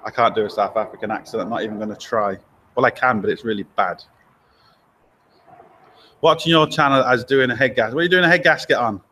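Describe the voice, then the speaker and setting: This man's medium-pitched voice is bright and forceful. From a garage workshop he hosts a casual live stream, reading viewer comments and chatting loosely with fillers and quick asides, captured by a laptop or camera mic a helper holds.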